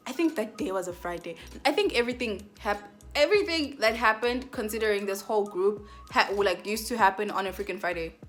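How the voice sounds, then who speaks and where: A young woman spins a rambling storytime in loose, slangy talk, filling it with "like" and "whatnot". Her voice sits at an ordinary middle pitch. Quiet music plays softly behind her. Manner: chatty, rambling, slangy, lots of "like". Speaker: vlogger. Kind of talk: casual storytime.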